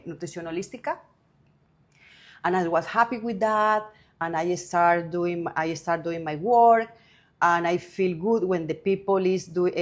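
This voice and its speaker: A middle-aged woman from Colombia with a Colombian Spanish accent, a native Spanish speaker and wellness coach, telling her story in halting English with many restarts. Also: lowish voice. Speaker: guest, holistic wellness coach. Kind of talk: interview.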